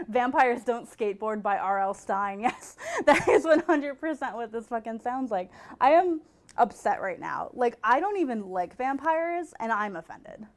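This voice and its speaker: A woman hosting a podcast in casual comedic chat, animated, laughing and breaking into incredulous outbursts. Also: a little high, slow. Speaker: podcast host.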